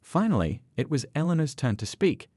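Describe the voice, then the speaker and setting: A man reading a scripted dramatic story as narrator, with a steady storytelling delivery. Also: a little high, brisk, husky, no room sound.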